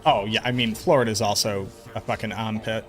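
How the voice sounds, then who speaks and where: A man's voice: lowish voice, steady tone, fairly quick, faint music behind. A man streaming a game, chatting casually with viewers and riffing on their comments with jokes and swearing. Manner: joking, profane, riffs on chat comments.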